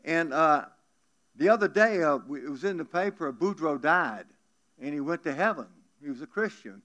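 Folksy older Louisiana preacher. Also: male voice, a little high, expressive, moderate pace, fairly bright tone. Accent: South Louisiana. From South Louisiana. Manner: folksy, chatty, joking with the congregation. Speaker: guest pastor. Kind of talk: folksy storytelling sermon.

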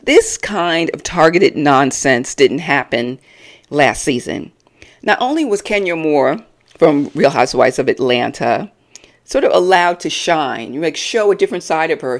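A woman reviewing a reality TV episode on her own, blunt, sassy and mocking in her opinions. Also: deep voice. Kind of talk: opinionated solo commentary.

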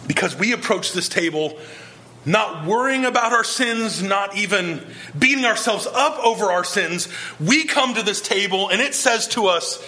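A man's voice: high voice, lively intonation, moderate pace, bright, forceful tone. A male pastor preaching a sermon, earnest and emphatic, pressing his point with repeated rhetorical questions.

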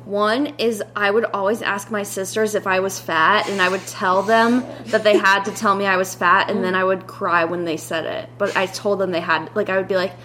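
A young woman hosting a podcast, telling family stories in a giggly, animated way. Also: medium pitch, normal speed, hardly any pauses, slight background noise. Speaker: podcast host. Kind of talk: casual family chat.

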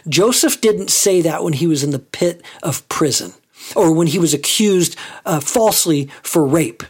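A man's voice: a little high, lively intonation, moderate pace, husky. A man preaching a sermon as a pastor, conversational and full of rhetorical questions.

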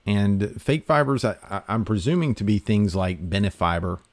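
A man hosting a talk, giving health advice in a relaxed, conversational way with fillers and restarts. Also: lowish voice, normal speed, no room sound. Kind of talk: casual explanatory talk.

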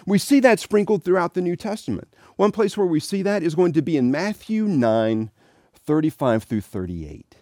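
Male Catholic speaker with a sermon-style talk. His pitch swings widely, and he tells his stories in an animated way. Dry, close sound. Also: moderate pace, no echo. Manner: animated storytelling with acted quotes.

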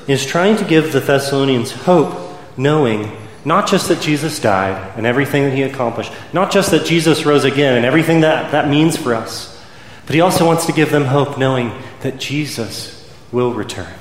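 A man preaching a sermon as pastor, rising to impassioned peaks and dropping to soft, quiet stretches. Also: medium pitch, expressive, normal speed, reverberant, long reverb tail, slight background noise. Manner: builds to impassioned, soaring climaxes then drops soft.

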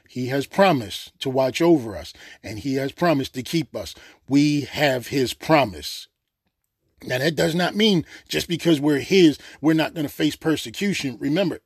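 A man's voice: a little high, breathy edge, no room sound, clean studio sound. A man preaching an unscripted sermon, earnest and emotional, repeating phrases for emphasis.

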